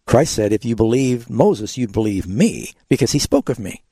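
A man's voice: mid-range voice, very animated, normal speed, gravelly, mellow, husky, no room sound. A man hosting a call-in Bible radio show, patiently explaining scripture to callers with frequent fillers. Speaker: radio Bible program host.

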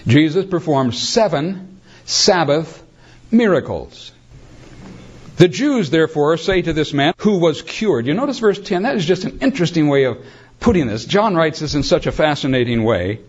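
Animated preacher man with a lo-fi sound. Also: a little high, normal speed, breathy edge. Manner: animated preaching, calls listeners beloved. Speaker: pastor. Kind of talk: sermon.

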